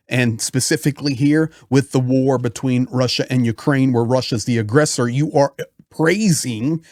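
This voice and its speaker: Male commentator, emphatic and frustrated, mid-pitched, dry room. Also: darkish tone, no echo. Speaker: political commentator. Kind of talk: impassioned video commentary.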